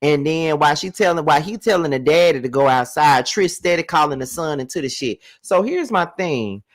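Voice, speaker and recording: A man's voice: on the high side, lively intonation, fairly quick. A man giving a live reality TV recap, ranting to his viewers with lots of profanity. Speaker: TV show reviewer.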